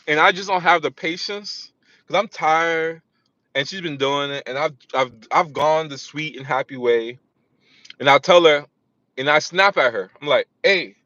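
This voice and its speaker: A man's voice: a little high, unhurried, sharp tone, no echo, dull audio. A man talking in a casual vlog monologue, rambling and often restarting his sentences. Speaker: vlogger.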